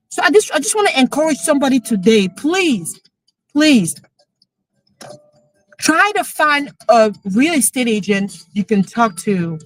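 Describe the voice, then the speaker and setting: High-voiced excited woman. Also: measured pace, rough recording. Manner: excited, emotional, switching into French. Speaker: real estate coach. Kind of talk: emotional live-stream chat.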